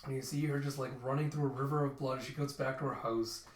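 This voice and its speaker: A man's voice: medium pitch, fairly even intonation, quick pace. A man casually narrating a manga readthrough, describing panels as he goes. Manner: casual, narrating panels with "you see" and "he's like". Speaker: channel host reading a manga aloud. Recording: roomy echo, mic at a distance.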